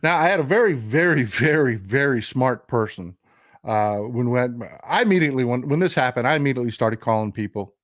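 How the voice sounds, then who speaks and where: A man's voice: medium pitch, lively intonation, fairly quick, dry recording, clean studio sound. Emphatic man hosting political commentary. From Texas. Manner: emphatic, repeats and restarts words, addresses viewers as folks. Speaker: livestream host.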